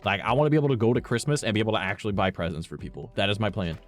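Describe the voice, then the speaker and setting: Low-voiced rambling male streamer. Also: expressive, very fast, soft background music. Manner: rambling, swears often, heavy use of "like". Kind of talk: casual chat with a live stream audience.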